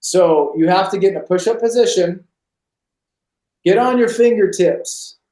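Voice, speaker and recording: A man from California, a podcast guest telling his personal testimony over a video call, lively and acting out scenes. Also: high voice, measured pace. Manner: animated storyteller, acts out scenes. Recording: roomy echo.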